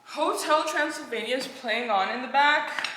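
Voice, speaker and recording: A vlogger's voice sits high and moves at a normal speed as she cooks and chats casually with her viewers, chatty and self-deprecating. She's in her home kitchen, where the echo picks up clattering dishes.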